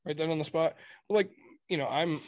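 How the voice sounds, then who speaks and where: A man in a casual podcast chat, telling animated stories and acting out what people said. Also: on the high side, a little fast.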